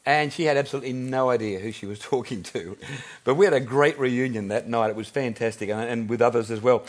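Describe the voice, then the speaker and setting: A man in his fifties with an Australian accent, preaching a sermon in a relaxed storytelling way, chuckling and restarting his sentences as he goes. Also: medium pitch, fast. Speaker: pastor.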